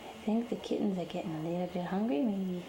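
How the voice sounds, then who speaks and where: A woman's voice: fairly low pitch, a little fast, roomy sound, noisy background. A woman filming at home, giving playful running commentary and talking to pets in a sing-song voice. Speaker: home video narrator.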